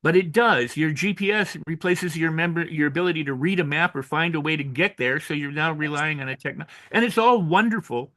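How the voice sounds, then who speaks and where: An older man, an author and coach, talking in an interview with animated storytelling, acting out quoted voices and often restarting his sentences. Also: fairly high pitch, fairly quick, few pauses. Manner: frequent restarts and repetitions. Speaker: author and personal growth coach. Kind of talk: interview conversation.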